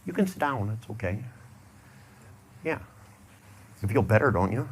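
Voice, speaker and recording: A man's voice: fairly low pitch, very animated, a little slow, slight background noise. A middle-aged man giving a humorous motivational talk to a live audience, joking and acting out little scenes as he tells stories. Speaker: seminar speaker.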